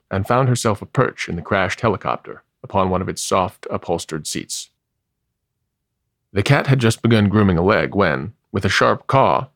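A man reading a story aloud, measured and wry, with expressive delivery. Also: fairly low pitch, gravelly, no echo, clean studio sound. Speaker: narrator.

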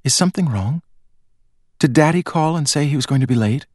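A man's voice: a little high, expressive, fairly quick, darkish tone, no room sound, clean studio sound, voice pushed up. A man voicing a frightened, insistent ten-year-old girl in an audiobook, in a pleading childlike voice. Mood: anxious.

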